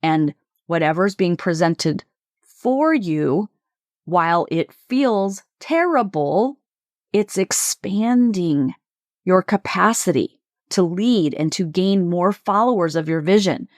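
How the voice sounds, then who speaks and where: Low-voiced woman coaching podcast host. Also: lively intonation, slow, no echo, studio quality. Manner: reflective, emphatic, repeats questions with shifting stress. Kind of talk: solo coaching podcast monologue.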